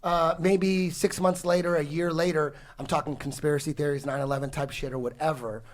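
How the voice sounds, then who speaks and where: On the high side and fairly level in tone, this man speaks a little quickly. He's a podcast guest in his forties telling a lengthy, profane, wandering story full of restarts.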